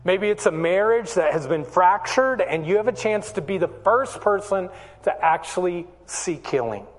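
Pastor preaching in a reverberant hall. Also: male voice, high-pitched, lively intonation, normal speed. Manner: storytelling, earnest, rising to urgent appeals. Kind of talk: sermon with personal story. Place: church hall.

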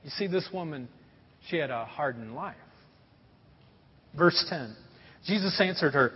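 A man's voice: sits high, animated, moderate pace, pauses often, slightly rough, in a large hall, highs cut off. A man preaching a sermon, telling stories in a conversational way and asking the audience questions. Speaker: pastor.

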